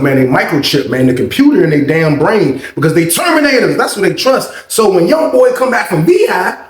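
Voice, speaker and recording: A man telling a story in an animated, slang-heavy, repetitive way, in casual storytime style. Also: a little high, reverberant.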